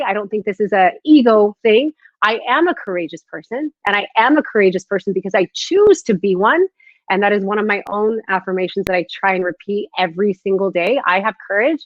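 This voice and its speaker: A woman in her thirties talking earnestly to followers on a live stream, nervous and halting with restarts. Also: medium pitch, no room sound, highs cut off. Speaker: social media host.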